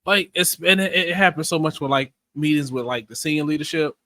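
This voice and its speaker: A man's voice: a little high, a little fast, pushed and bright. A man co-hosting a podcast in casual chat, easygoing and wry, with a mild way of speaking. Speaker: podcast co-host.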